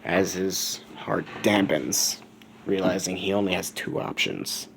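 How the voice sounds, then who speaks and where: A man's voice: low voice, steady tone, unhurried, vocal fry, a bit bright, a little hiss or hum. A man telling a fan story in a casual, rambling way, with self-correcting asides. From United States.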